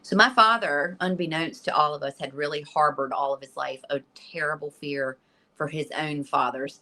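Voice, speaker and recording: A middle-aged woman from Virginia, a guest in an interview, earnestly telling a personal story with lively restarts. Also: deep voice, poor audio. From Virginia, USA.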